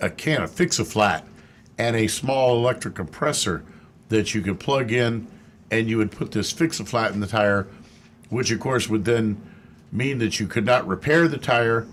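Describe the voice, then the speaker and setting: A man's voice: mid-range voice, fairly bright tone, a little hiss or hum. A man answering callers' car questions on a radio show in a matter-of-fact, explanatory way. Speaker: auto expert. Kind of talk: radio call-in chat.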